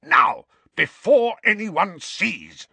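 A man's voice: sing-song, measured pace, breathy edge, no room sound, heavily acted. A man doing a blustering, furious uncle. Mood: snarling. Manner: loud, strained snarling that shoots high. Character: blustering furious stout middle-aged uncle.

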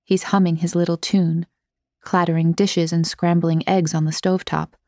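Low-voiced woman narrating an audiobook. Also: little pitch movement, moderate pace, dark tone, no echo, studio quality.

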